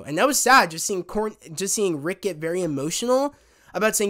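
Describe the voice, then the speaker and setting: A man's voice: sits high, lively intonation, fairly quick, pushed and bright. A man casually reviewing a TV episode, retelling scenes in a rambling, heartfelt way. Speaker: TV show reviewer.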